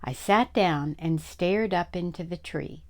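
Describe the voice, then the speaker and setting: Older woman reading a chapter book aloud, low voice, unhurried storytime delivery. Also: a little mellow. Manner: slow, deliberate reading.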